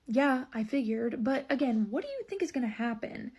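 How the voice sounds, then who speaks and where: A woman's voice: high-pitched, expressive, a little fast, a little mellow, husky. A woman who manages a store, telling a customer story in an indignant, emphatic, casual storytime way. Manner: indignant, emphatic retelling with asides.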